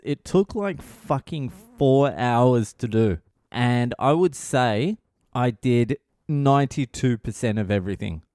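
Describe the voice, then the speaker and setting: A tired man rambles through a story on his solo podcast, swearing at every turn and sounding exasperated. His voice sits in an ordinary middle pitch. The recording is dry and close, with no room sound. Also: a little mellow, smooth, no echo. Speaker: podcast host, comedian. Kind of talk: casual solo monologue.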